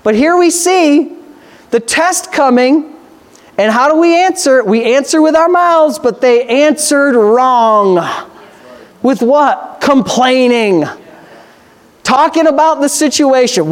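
High-voiced man preaching emphatically. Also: animated, slow pace. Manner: emphatic preaching with rhetorical questions and Scripture reading. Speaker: pastor. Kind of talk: sermon.

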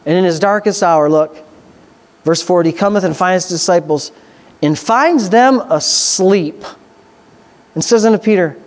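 A man preaching a sermon, reading scripture slowly and then breaking into loud, excited exhortation. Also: high voice.

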